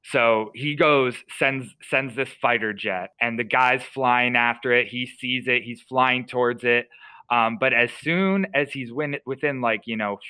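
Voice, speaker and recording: A man's voice: mid-range voice, bright, forceful tone, clear, resonant tone, no room sound, poor audio. A young man, a podcast co-host, casually retelling a story with lots of fillers and restarts.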